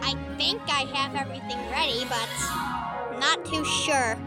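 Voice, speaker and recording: A woman's voice: high-pitched, measured pace, over loud music, voice pushed down. Woman doing a sighing, weary ghost puppet. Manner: sighing, exasperated, stammering. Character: weary, easily annoyed male puppet ghost. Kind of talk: homemade toy skit.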